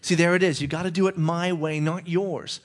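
Casting note: male preacher, casual conversational sermon, voice sitting a bit high, keeps checking in with "okay?". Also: steady tone, moderate pace.

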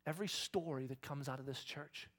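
A middle-aged man preaching a passionate sermon, often dropping into a hushed whisper. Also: medium pitch, brisk. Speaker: pastor.

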